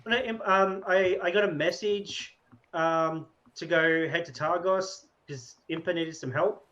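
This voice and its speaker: A man with an Australian accent playing a tabletop game over voice chat, rambling and halting as he talks in character. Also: a little high, a bit bright, highs cut off. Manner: rambling, halting, self-amused. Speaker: tabletop player. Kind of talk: casual in-character role-play. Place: home room over voice chat.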